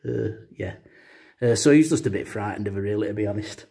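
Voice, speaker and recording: Husky-voiced man telling stories. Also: fairly low pitch, a little fast, dark tone. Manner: rambling, full of uh fillers. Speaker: comedy vlogger. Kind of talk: deadpan comic storytelling.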